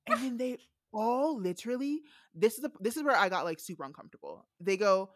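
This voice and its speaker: A woman's voice: on the high side, expressive, fairly quick, no room sound, studio quality. A young woman recapping a book in a casual podcast chat, frank and amused, with many fillers. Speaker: podcast co-host recapping a novella. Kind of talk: casual chat, reading quotes aloud.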